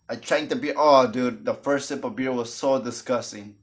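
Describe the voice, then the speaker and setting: A man's voice: medium pitch, normal speed. A man telling a personal story in a casual, jokey way and acting out the voices of the people in it. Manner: animated, jokey, acts out the voices of other people. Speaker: storytime vlogger.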